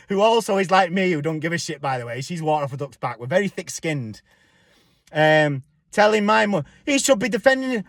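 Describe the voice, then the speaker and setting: Man, high-pitched voice, blunt and swearing, dry close sound, casual vlog rant. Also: fairly bright tone, no echo. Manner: blunt, profane, defiant. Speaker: spiritual vlogger. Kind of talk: casual ranting monologue.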